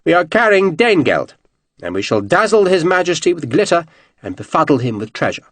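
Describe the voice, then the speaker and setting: A suave young officer, polished and fulsome, measuring each word with care, put on by a male narrator. The delivery is animated in pitch, the sound dry and close. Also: fairly quick, dry recording. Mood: smooth. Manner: smooth, careful, fulsome.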